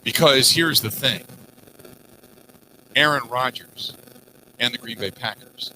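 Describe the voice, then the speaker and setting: A man hosting sports talk radio, animated, rambling through listener messages and asides. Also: medium pitch, takes it slowly, a little hiss or hum, low-quality recording. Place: outdoors at a golf course.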